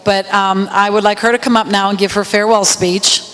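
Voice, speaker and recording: A woman's voice: mid-range voice, level tone, fairly quick, a bit bright, in a large hall, poor audio. A woman emceeing a county fair queen contest, telling a rambling, laughing story. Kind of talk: storytelling at a podium. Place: outdoor fair stage with PA system.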